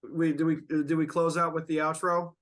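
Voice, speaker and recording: A man's voice: fairly high pitch, completely flat delivery, fairly bright tone. Rambling, stoned man hosting a podcast. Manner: rambling, drawn-out, laughs often. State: stoned and yawning. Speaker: podcast host. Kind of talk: casual podcast chat.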